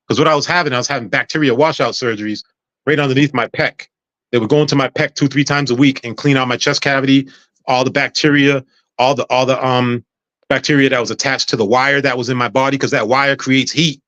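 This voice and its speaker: A man's voice: medium pitch, fairly quick, no echo, lo-fi sound. A man speaking as a guest on a podcast, telling a personal story casually and acting out what other people said. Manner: animated, acts out other people's words.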